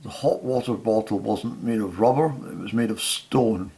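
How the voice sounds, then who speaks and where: Gravelly older man reminiscing. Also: lowish voice, dark tone. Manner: halting, full of restarts and fillers. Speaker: storyteller. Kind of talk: casual reminiscing.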